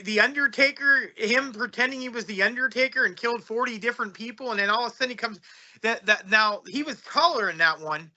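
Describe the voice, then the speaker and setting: Bright, rambling high-voiced man. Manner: rambling, restarts often, opinionated. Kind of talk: casual chat. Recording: dull lo-fi audio.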